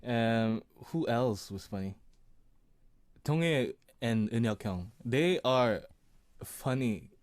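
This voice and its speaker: Male singer-songwriter guest, casual and relaxed, mid-pitched voice, halting restarts, dry close sound. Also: dry recording. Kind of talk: casual interview chat.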